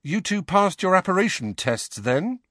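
A man voicing an angry, sarcastic teenage boy who makes loud demands in a storybook reading. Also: high voice, sing-song, moderate pace, dry recording, studio quality, pitched above the performer's own voice, full character voice. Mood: furious.

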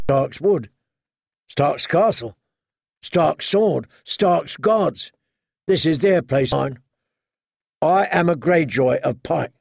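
A man voicing a proud, bitter young lord who is shaken and suspicious, reading it slowly in a tense, brooding tone that rises when agitated. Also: a little high, vocal fry, darkish tone, no echo, studio quality, exaggerated voice.

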